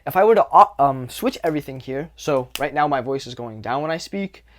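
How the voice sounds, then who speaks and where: A man's voice: fairly high pitch, moderate pace. A young man talks straight to his viewers in a loose, conversational coaching style. He repeats points, leans on fillers and swears casually as he explains. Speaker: dating coach. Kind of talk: casual coaching monologue to camera.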